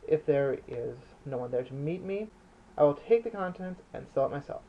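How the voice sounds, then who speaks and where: A man reading the part of a cold, calculating male arms smuggler who speaks calmly and precisely. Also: fairly high pitch, normal speed, lo-fi sound, a little hiss or hum. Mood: cold, controlled.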